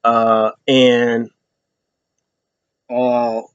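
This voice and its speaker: A man's voice: mid-range voice, monotone, drawn-out words, smooth, no echo. Rambling man recapping wrestling, dry lo-fi audio. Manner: rambling, loose, many fillers. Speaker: show host. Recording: slightly dull lo-fi, dry.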